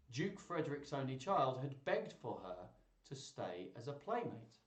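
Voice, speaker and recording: Lively man reading a story. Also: mid-range voice, moderate pace. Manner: playful, chatty, reads comments aloud. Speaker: storyteller hosting a live stream. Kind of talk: reading a children's story with chatty asides. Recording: roomy echo.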